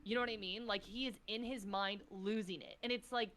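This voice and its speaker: A woman talks at a medium pitch as a podcast guest, gushing and getting emotional as she goes. She swears freely and peppers everything with "like." Her delivery is casual, excitable chat. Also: brisk. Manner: effusive, swears freely, fillers of "like".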